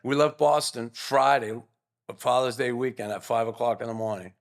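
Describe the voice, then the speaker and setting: A man's voice: mid-range voice, normal speed, creaky. An older man, a podcast guest, telling earnest, rambling stories in a casual interview. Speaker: guest, former pro hockey player.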